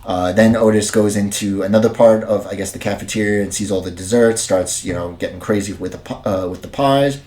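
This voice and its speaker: A man's voice: on the low side, a little fast, few pauses, a little mellow. A man casually recapping and reviewing a show as a podcast host, rambling with many fillers and restarts. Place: dim room at home.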